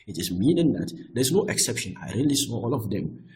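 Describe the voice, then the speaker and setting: A man teaching Arabic grammar, often repeating himself and checking with "I hope that is clear.". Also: mid-range voice, very animated, a little fast, a little mellow, rough recording. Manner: restarts and repeats words often. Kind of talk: explaining Arabic grammar on screen.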